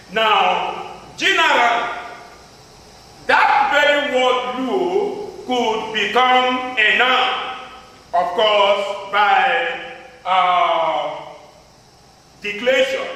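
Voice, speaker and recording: A male lecturer with a high, bright voice works through his lecture slowly and deliberately, repeating key phrases and pausing on "uh". He sounds distant from the microphone in a large hall with a long, ringing reverb. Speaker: university lecturer. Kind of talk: classroom lecture. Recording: echoey hall, voice far from mic.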